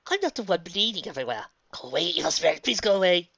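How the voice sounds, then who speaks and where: A woman voicing a nervous, prim female pony in a fan audiobook reading, high-strung and fussy. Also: big pitch swings, fast talker, fairly bright tone, breathy edge, dry recording, dull audio, heavily acted. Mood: panicky.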